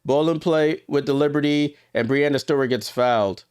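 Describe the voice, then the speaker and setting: A man's voice: on the high side, normal speed, smooth, dry recording, clean studio sound. Chatty man calling a game live. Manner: chatty, talks straight to viewers, gets louder on big plays. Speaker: livestream watchalong host. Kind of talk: casual live game commentary.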